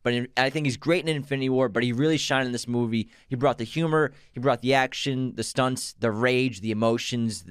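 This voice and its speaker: Fast-talking man in a dry room. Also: medium pitch, clean tone, dry recording. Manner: fast, eager, animated opinions. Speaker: co-host of a movie channel. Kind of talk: casual movie discussion.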